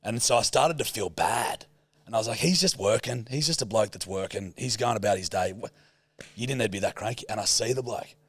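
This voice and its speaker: A man's voice: fairly low pitch, fairly quick, husky, no room sound. A man co-hosting a podcast, telling a road rage story in casual chat and swearing a lot. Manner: swears a lot, animated retelling. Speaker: podcast co-host.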